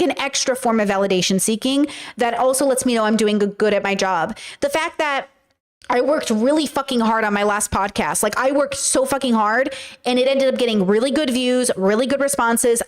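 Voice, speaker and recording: Woman streamer, a bit higher voice, candid, swears freely, chats with her viewers. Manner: candid, profane, talks to chat. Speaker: livestream host. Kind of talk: casual livestream talk.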